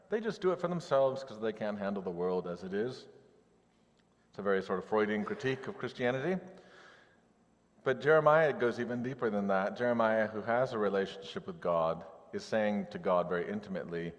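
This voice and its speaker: A male pastor preaching in a relaxed, conversational way and dropping humorous asides. His voice sits fairly low, and a long reverb hangs on every phrase. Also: fairly quick. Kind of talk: sermon.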